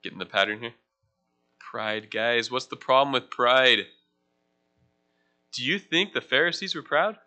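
With a mid-range, sharp-toned voice, a young pastor takes his time, leaving long pauses. His church teaching sermon is casual and conversational, as he asks the congregation questions and jokes about himself.

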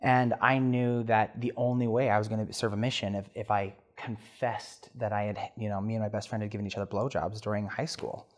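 A man in his thirties, a podcast guest telling a personal story in an earnest, animated way with restarts. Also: lowish voice, brisk, few pauses.

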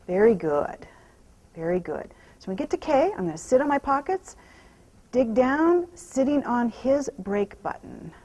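A woman horse trainer talking out loud while she rides, softly praising the horse and explaining each step. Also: on the high side, lively intonation, measured pace, poor audio. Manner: soothing praise to the horse, mixed with quiet running explanation. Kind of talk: narrating while riding.

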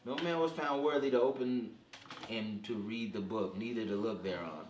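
A man reading scripture aloud in a steady, plain way during a Bible study. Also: lowish voice, moderate pace, slight background noise. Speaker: scripture reader. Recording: echoey room.

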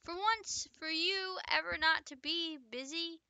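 An eager, pushy female doctor asking a colleague out, read by a woman. The voice sits a little high, very bright and smooth, recorded close and dry. It sounds like a storybook reading with a light lift for the character. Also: unhurried, dry recording, exaggerated voice. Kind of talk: reading own story aloud.

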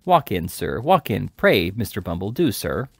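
A man's voice: fairly low pitch, very animated, normal speed, gravelly, no room sound, exaggerated voice. A man reading aloud and voicing a fawning, wheedling middle-aged woman who runs a home for parish orphans. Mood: gushing. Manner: gushing, wheedling, falsely sweet. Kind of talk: amateur audiobook reading.

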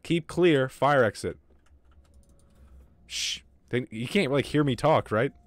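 A man with a medium-pitched voice streams a horror game, giving live commentary to his chat in a jittery manner and cursing frequently. He talks slowly, and the recording is dry.

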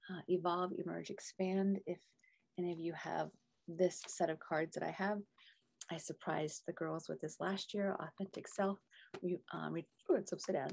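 A middle-aged woman speaks in a casual video talk with a gravelly, husky, lower voice. She tells her story earnestly and drops into soft whispers now and then. She is a coach talking to her group. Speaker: coach and mentor. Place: home room with green screen.

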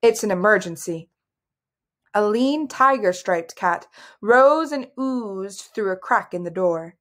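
A woman reading a fantasy novel aloud with steady storytelling narration. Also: mid-range voice, slow pace. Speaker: audiobook reader. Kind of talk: scripted narration.

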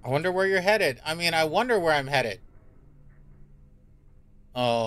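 A man's voice: fairly high pitch, lively intonation, normal speed, long pauses, a bit bright. A man streaming a horror game in casual commentary, reacting jumpily and swearing often. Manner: jumpy, reactive and profane, with repeated worried remarks.

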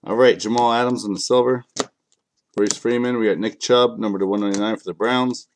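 A man with a fairly low voice hosts a live card break and talks to viewers by name in a loose, joking way. He sounds slightly sick and clears his throat now and then. A faint hiss sits under the recording. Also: steady tone, brisk. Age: adult, has kids.

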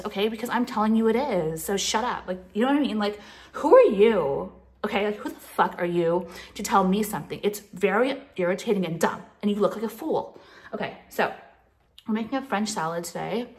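A woman vlogger ranting casually to the camera, profane and sarcastic, with lots of "like" fillers. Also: medium pitch. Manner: profane, sarcastic, filler-heavy valley-girl talk. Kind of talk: casual vlog rant to the camera.

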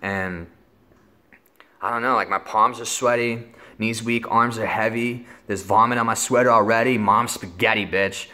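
A man's voice: lowish voice, steady tone, moderate pace, pushed and bright. A young man casually telling a rambling story, full of filler words and swearing. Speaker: vlogger.

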